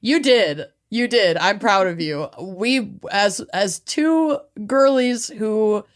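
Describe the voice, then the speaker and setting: A woman's voice: mid-range voice, lively intonation, slow pace. A woman co-hosting a podcast in casual chat. She is chatty, laughs often and trails off mid-sentence. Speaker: podcast co-host.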